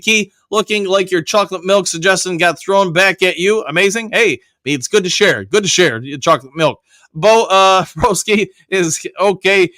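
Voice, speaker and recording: A man's voice: high-pitched, pushed and bright, dry recording, clean studio sound. A middle-aged man hosting a live stream, casually reading viewer comments aloud and answering them. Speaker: host.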